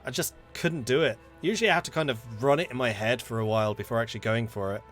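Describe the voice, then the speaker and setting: A man's voice: mid-range voice, fast, fairly bright tone. Give me a chatty, self-deprecating man commenting on his gameplay, with faint music underneath. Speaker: gaming YouTuber.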